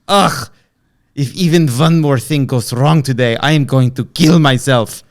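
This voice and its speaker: A man's voice: medium pitch, a little slow, natural voice. A man voicing a furious 1940s dictator in a thick, hammy German accent, during a comedic script read. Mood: ranting. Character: ranting, furious male 1940s dictator in a bunker.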